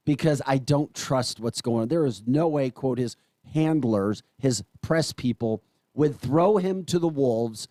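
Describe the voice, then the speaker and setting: In a dry recording, an American-accented man hosting a morning talk radio show delivers animated rants. His medium-pitched voice sounds exasperated and emphatic.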